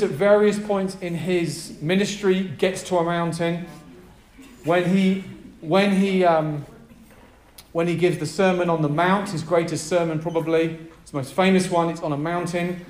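A high-voiced male pastor preaches a sermon to a live group gathered in an echoey room. He is emphatic and energetic, prompting the audience as he goes.

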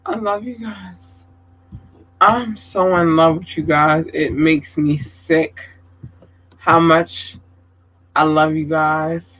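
A man giving casual livestream shout-outs to viewers, effusive and affectionate, calling them babies and swearing casually. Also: a little high, steady tone, slow, pauses often, poor audio.

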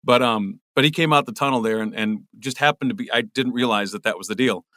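A man's voice: mid-range voice, fast, fairly bright tone, no echo, clean studio sound. A middle-aged man, a voice actor being interviewed, talking casually and rambling with lots of restarts. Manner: rambling, many restarts and repeated words. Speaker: voice actor guest.

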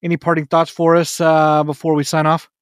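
A man hosting a casual sports podcast, upbeat and quick to laugh. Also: a little high, monotone, clear, resonant tone, no echo, clean studio sound. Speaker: podcast host.

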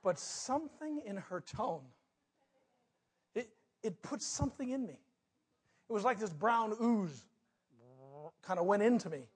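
A man preaching a sermon, telling a personal story with big swings between loud outbursts and hushed moments. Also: sits high, lively intonation, unhurried, long pauses, breathy edge. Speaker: pastor.

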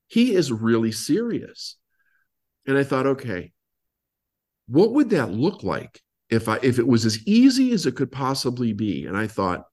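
A man, a business coach guest on an interview, telling his story and acting out old conversations. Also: mid-range voice. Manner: animated storyteller, acts out past dialogue.

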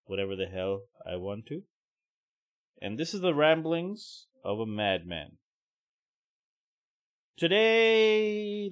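A man hosting a rambling solo podcast, casual, sarcastic and full of swearing. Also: mid-range voice. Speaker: podcast host. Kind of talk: rambling monologue.

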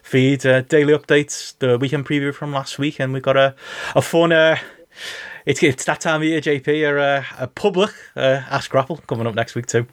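A man's voice: mid-range voice, steady tone, moderate pace, no echo, clean studio sound. A man co-hosting a podcast, rambling in casual chat with lots of fillers. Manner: rambling, filler-heavy chatter. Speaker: podcast co-host.

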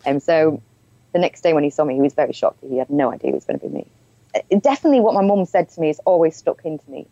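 A woman's voice: deep voice, warm tone, no room sound, dull audio. A woman telling her own story as an interview guest, candid and frank, often breaking into laughter. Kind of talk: personal storytelling in conversation.

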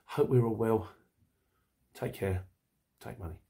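A man's voice: on the low side, unhurried, gravelly, warm tone. A middle-aged man hosting a podcast, chatting casually and rambling while he reads out listener messages, laughing often. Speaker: podcast host.

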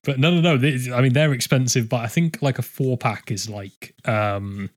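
A man hosting a podcast, chatting casually in a rambling, lively way. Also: medium pitch, moderate pace. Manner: rambling, animated, laughs often. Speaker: podcast host. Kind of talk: casual chat.

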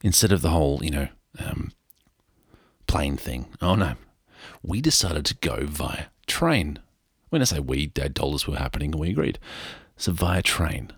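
A man's voice: a bass voice, expressive, moderate pace, husky, no room sound, clean studio sound. A middle-aged man with an Australian accent tells a rambling travel story in a casual monologue, joking at his own expense. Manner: rambling, joking, self-mocking.

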